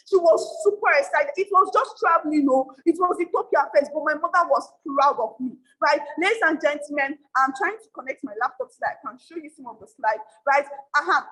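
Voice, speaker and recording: A woman's voice: high-pitched, lively intonation, a little fast, few pauses, a bit bright, low-quality recording. A young Nigerian woman in her early twenties giving an emphatic motivational talk to an audience, repeating key lines for effect. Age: young adult. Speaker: motivational speaker.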